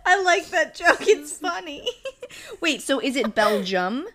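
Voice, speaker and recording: A young woman co-hosting a casual chat about a sitcom, animated and quick to laugh. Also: a crowd in the background. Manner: animated, laughs often, jumps into high squeals when amused. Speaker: podcast co-host.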